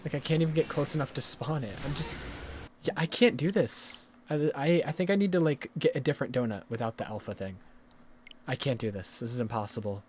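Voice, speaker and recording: A man's voice: mid-range voice, a little fast, darkish tone, a little hiss or hum. A man streaming a game live, swearing and talking back at the game in exasperated bursts. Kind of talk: live gameplay commentary.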